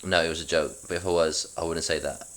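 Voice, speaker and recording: A crude, flustered young guy at the park, stumbling into blunt lines, read out by a man with a very deep voice. It sounds like someone reading from a script rather than fully acting. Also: steady tone, fast talker, fairly bright tone.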